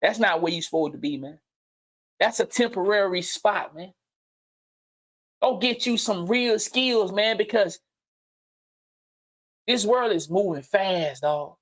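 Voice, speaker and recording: A man hosting a livestream and giving an unscripted motivational monologue, blunt and profane, repeating phrases and swinging from low murmurs to loud outbursts. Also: expressive, slow pace, long pauses. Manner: blunt, preachy, profane street slang. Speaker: livestream host. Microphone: streaming mic.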